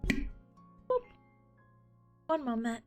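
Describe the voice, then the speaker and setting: A high-voiced young woman with a hoarse, worn-out voice talks through her study notes. She is bubbly and chatty and giggles easily. Faint music plays in the background. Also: very animated, extremely slow. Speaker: streamer reviewing study notes. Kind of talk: casual study stream.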